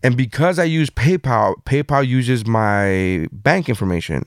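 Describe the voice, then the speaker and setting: A man's voice: mid-range voice, measured pace, no room sound, clean studio sound. A man telling a long story in casual chat, swearing constantly and voicing the people in it. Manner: profane animated storytelling.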